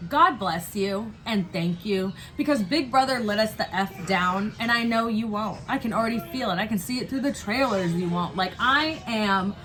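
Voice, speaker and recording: A woman co-hosting a casual chat, animated and quick to act out what others said. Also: mid-range voice. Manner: animated, quotes people in exaggerated voices, laughs a lot. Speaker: co-host.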